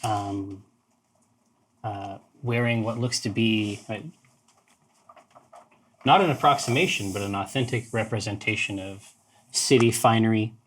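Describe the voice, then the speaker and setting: A man's voice: fairly low pitch, steady tone, a little slow, pauses often, rough recording. A man running a tabletop game as game master, describing scenes in a hesitant way with many fillers.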